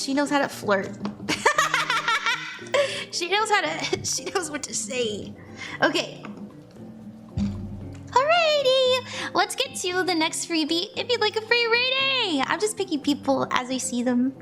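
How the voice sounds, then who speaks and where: A young woman with a high, slightly bright voice does a casual tarot reading on a live stream. She's chatty and bubbly, laughs a lot, and greets viewers by name.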